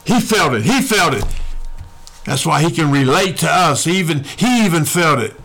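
High bright preaching man. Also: expressive, normal speed. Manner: call-and-response preaching, repeats lines. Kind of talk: sermon.

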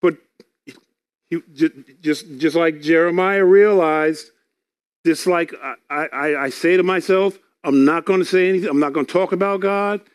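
A man's voice: on the high side, moderate pace, smooth. A man preaching a sermon, reading scripture aloud and explaining it earnestly, often repeating words.

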